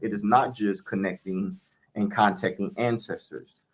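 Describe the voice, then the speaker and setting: A man, a spiritual reader, answering interview questions in a calm, declarative teaching manner. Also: fairly low pitch, moderate pace.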